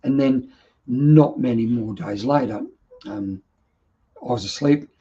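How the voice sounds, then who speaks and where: Gravelly Australian man, earnest and reflective. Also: medium pitch, slow, mellow, dull audio, a little hiss or hum. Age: middle-aged. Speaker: vlog host. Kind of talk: personal storytelling monologue.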